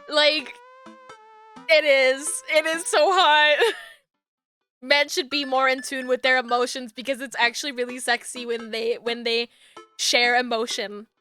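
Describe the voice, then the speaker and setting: A woman streamer with a high, bright voice reads a story game aloud, swearing freely and laughing often. Faint game music plays behind her.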